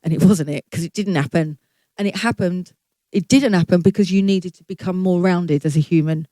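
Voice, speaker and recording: A woman's voice: on the low side, fairly quick, warm tone, no echo. A middle-aged woman, a guest singer, telling her career story in a candid, chatty way, swearing freely and acting out her past thoughts.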